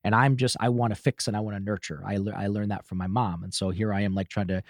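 A man guest on a podcast, telling a personal story with lively swearing and acted-out quotes. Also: lowish voice, fast talker, dry recording, studio quality. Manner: swears freely, acts out shouted quotes. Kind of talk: animated storytelling.

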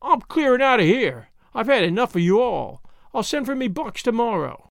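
A man voicing a gaunt, sulky woman servant who screeches in rough country speech, in a storybook reading. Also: big pitch swings, fairly quick, no echo, studio quality. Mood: sullen defiant. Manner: shrill, rough rustic speech.

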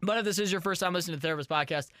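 A young man hosting a podcast in a studio, talking quickly and jokingly with frequent swearing and laughs. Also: high-pitched, bright, forceful tone, no echo. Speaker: podcast host. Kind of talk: casual comedic podcast chat. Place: radio station studio. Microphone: studio mic.

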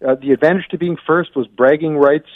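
A man's voice: fairly high pitch, steady tone, brisk, dry recording. A man from Ontario giving blunt, opinionated commentary over the phone, often restarting his sentences. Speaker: guest commentator. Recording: tinny dry phone line.

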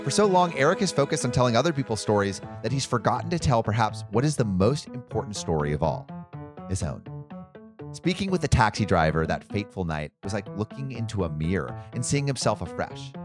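A man giving scripted documentary narration in a dramatic, measured storytelling manner. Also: fairly low pitch, big pitch swings. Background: background music.

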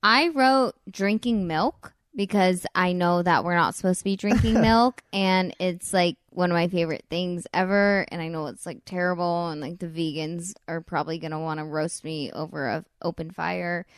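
A woman's voice: on the low side, moderate pace, hardly any pauses, dry recording, studio quality. A woman hosting a show, chatting casually with her partner and often saying "like". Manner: chatty, heavy use of "like", giggly. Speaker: show host.

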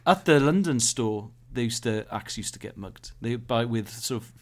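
A man's voice: medium pitch, lively intonation, normal speed. A man co-hosting a live comedy podcast, out of breath and telling a jokey story. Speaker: podcast co-host.

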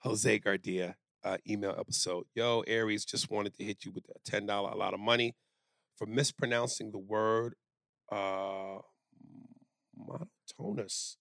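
A man co-hosting a comedy podcast in casual chat, loud and playful, slipping into silly bits. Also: lowish voice, steady tone, moderate pace, creaky, no echo. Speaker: podcast co-host.

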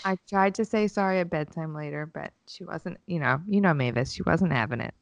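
A woman's voice: low voice, brisk, gravelly, no echo. A woman in her forties, co-hosting a podcast and chatting casually, telling long rambling stories with lots of swearing and laughter. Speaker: podcast co-host. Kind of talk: casual chat. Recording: dull lo-fi sound.

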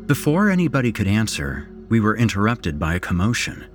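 A man narrating a horror story in a measured, dramatic storytelling manner, as host of a podcast. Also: on the low side, big pitch swings, soft background music.

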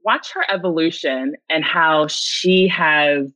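A woman's voice: low voice, slow pace, dry recording, low-quality recording. A woman in her thirties, a podcast guest and consultant, answering interview questions earnestly and with emotion. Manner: earnest, animated, tearful at times. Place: home.

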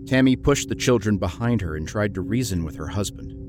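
A man reads a dark horror story aloud in a low, measured, grim manner. His voice sits very deep. Faint music plays beneath the narration. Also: animated.

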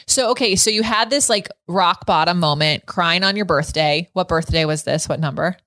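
A woman's voice: lowish voice, moderate pace, fairly bright tone, no echo, clean studio sound. A woman in her thirties hosting a podcast, chatting frankly and laughing often as she asks questions. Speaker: podcast host. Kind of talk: casual interview chat.

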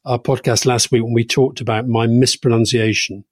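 A man's voice: mid-range voice, flat delivery, normal speed, a little mellow, dry recording, clean studio sound. A man co-hosting a political podcast, chatting in a wry way and often repeating his words. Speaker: podcast co-host. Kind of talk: casual political discussion.

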